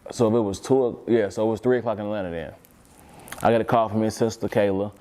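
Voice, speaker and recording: Low-voiced man rambling through a story. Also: fairly even intonation, fast talker, dark tone. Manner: rambling, repetitive, swears freely. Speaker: interview guest. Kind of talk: casual interview storytelling.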